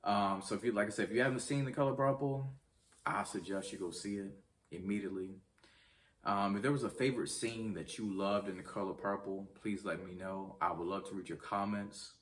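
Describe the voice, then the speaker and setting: A man's voice: fairly low pitch, fairly quick, distant mic. A man hosting his own movie review channel, chatting casually to viewers with lots of ums and restarts. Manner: chatty, talks straight to viewers; rambling, many ums and restarts. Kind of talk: casual film review vlog.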